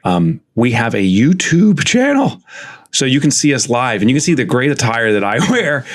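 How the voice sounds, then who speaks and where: A man's voice: mid-range voice, sing-song, normal speed. A man co-hosting a podcast from his home office, chatting casually in a rambling, self-mocking way. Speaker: podcast co-host.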